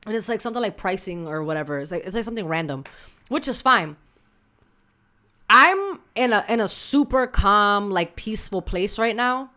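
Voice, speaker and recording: A woman's voice: mid-range voice, expressive, normal speed, pushed and bright. A woman podcast co-host telling a candid story in casual chat, full of slang and Spanish asides.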